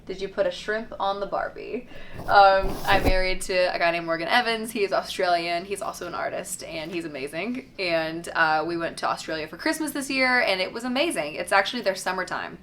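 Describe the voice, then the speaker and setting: Here the woman's voice is fairly low with a fairly bright tone, and she talks a little fast over slight hiss or hum. She's a Tennessee singer doing a relaxed fan Q&A, reading questions out and answering upbeat, with plenty of "um" and "like."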